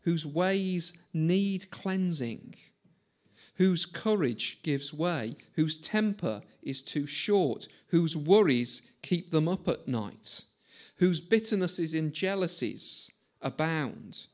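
A man's voice: fairly high pitch, animated, slow pace. A man in his forties preaching a conversational sermon, chatty and self-mocking, often asking the listeners questions.

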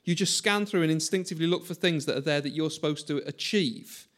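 A man's voice: fairly high pitch, brisk, a bit bright. A man in his forties preaching a conversational sermon, chatty and self-mocking, often asking the listeners questions.

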